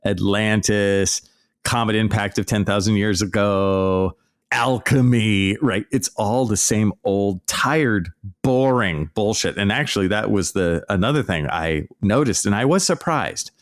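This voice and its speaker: A man hosting a podcast as an archaeology professor, ranting in a sarcastic, mocking, animated way. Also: lowish voice, measured pace, no room sound, studio quality. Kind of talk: casual ranting commentary.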